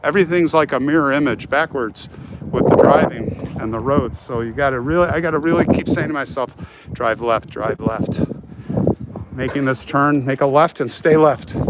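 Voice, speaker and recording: A middle-aged American man hosting a live stream, chatting casually and reading viewer comments aloud while he walks. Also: medium pitch. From United States. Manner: chatty, friendly, rambling, talks straight to viewers. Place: outdoors on a city street while walking. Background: faint street and traffic noise.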